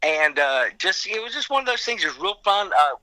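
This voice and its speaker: A man with a thick Southern accent, a rock singer chatting easily as a guest in a radio interview, telling stories in a relaxed way. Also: high voice, brisk, no room sound, poor audio. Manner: easygoing, chatty storyteller.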